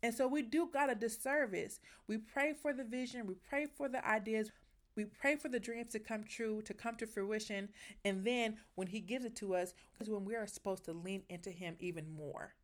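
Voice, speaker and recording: A woman's voice: a little high, moderate pace. Heartfelt woman preaching encouragement. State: emotional. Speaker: podcast host. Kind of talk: faith podcast devotional.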